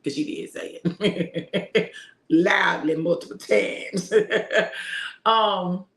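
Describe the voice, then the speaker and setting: A woman's voice: lowish voice, extremely slow, a bit bright. A middle-aged woman who preaches, telling a family story in a casual, heartfelt way and laughing often. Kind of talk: casual motivational talk. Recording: roomy echo.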